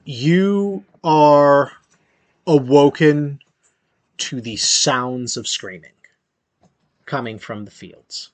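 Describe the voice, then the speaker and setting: A man narrating a tabletop game as game master, in slow, halting speech with fillers. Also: fairly high pitch.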